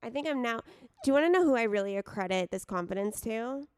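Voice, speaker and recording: A woman's voice: on the high side, expressive, fast talker, clear, resonant tone, dry recording, clean studio sound. A woman in her twenties co-hosting a podcast in casual chat, teasing and blunt. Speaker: podcast co-host.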